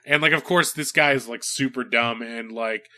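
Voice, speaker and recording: Dude hosting a comedy podcast, super bright voice, rambly and full of likes. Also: male voice, medium pitch, normal speed. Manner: rambling, lots of filler words. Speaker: podcast host. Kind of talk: casual comedic film review chat.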